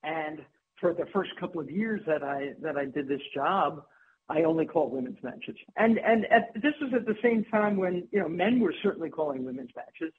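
Woman guest telling animated broadcasting stories, laughs a lot, thin phone-line sound with a faint hum. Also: sits low, moderate pace. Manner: lively, laughs often, restarts a lot. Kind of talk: anecdotal interview storytelling.

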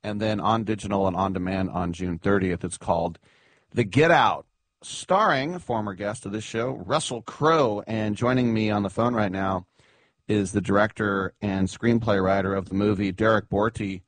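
A man's voice: lowish voice, moderate pace, no echo. A man hosting a radio show, chatting casually and rambling with fillers. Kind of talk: casual sports radio chat.

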